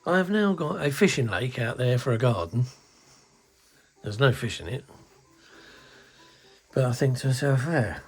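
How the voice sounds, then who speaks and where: A man's voice: medium pitch, animated, measured pace, pauses often, breathy edge. A middle-aged man from the UK chatting casually about his model kit, grumbling and exasperated, swearing under his breath. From United Kingdom. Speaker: scale model hobbyist. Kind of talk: casual hobby video chat. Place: indoors at a hobby workbench.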